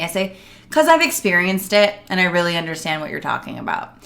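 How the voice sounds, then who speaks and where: Middle-aged female coach, earnest and animated, bright tone, casual address to camera. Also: medium pitch, quick pace, vocal fry. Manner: earnest, animated, acts out quotes. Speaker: emotional wellness coach.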